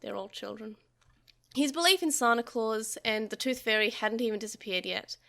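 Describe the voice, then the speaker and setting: Bright-voiced woman reading a novel aloud. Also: a little high, moderate pace, vocal fry. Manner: lively storytelling with small slips and restarts. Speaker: podcast host reading a novel translation.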